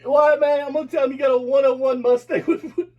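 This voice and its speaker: A man's voice: very high-pitched, little pitch movement, fast, highs cut off. A man doing crude, mocking commentary over a played clip, swearing and laughing often. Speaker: co-host roasting a video.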